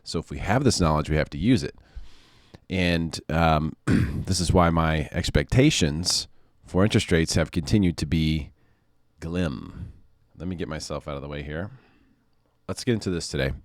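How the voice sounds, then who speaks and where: A man, a mortgage loan officer giving casual market commentary in an animated, sarcastic way, repeating phrases for emphasis. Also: a bass voice, normal speed, dry recording, clean studio sound.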